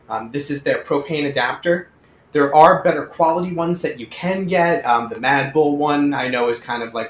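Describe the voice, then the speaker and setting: Brief: young male host, mid-pitched, excitable and chatty, faint room hum behind. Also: echoey room. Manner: chatty, eager, lots of fillers and asides. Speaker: airsoft channel host. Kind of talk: casual product unboxing.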